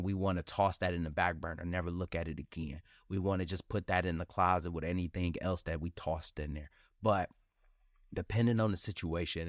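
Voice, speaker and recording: A man's voice: low-pitched, no room sound, clean studio sound. A man hosting his own podcast, talking candidly and with feeling in a casual, slangy way and repeating phrases for emphasis. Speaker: podcast host. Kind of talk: casual motivational monologue.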